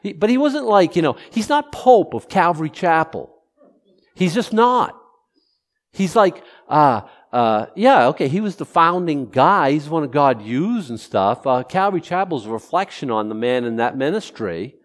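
Middle-aged male pastor, conversational sermon, lively pitch, a bit high, rambles and restarts. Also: normal speed. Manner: rambling, conversational, self-interrupting. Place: church sanctuary.

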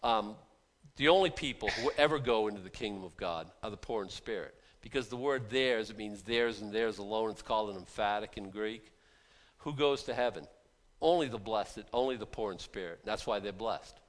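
A middle-aged man preaching a casual sermon to a small group, folksy and conversational, dropping to quiet asides and then rising to loud emphatic bursts, often repeating words as he restarts. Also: fairly low pitch, moderate pace.

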